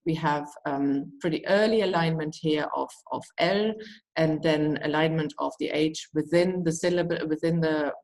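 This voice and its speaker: A woman with a low voice and a gravelly edge gives an academic lecture. She explains patiently and restarts her phrases often. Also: fairly even intonation, moderate pace, a little mellow, poor audio. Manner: explanatory, many fillers and restarts. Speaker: guest lecturer.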